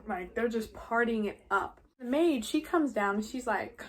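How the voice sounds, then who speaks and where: A woman's voice: fairly high pitch, moderate pace. A teenage girl vlogging while eating, chatty and casual, saying "like" constantly. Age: teens. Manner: chatty, heavy use of "like".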